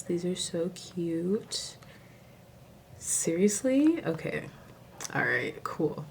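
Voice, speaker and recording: Brief: Southern US woman, nail vlogger, slow unhurried talk, noisy home recording with crinkling behind. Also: low voice. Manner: chatty, filler-heavy, bursts into gasping excitement. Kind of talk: casual haul video chat.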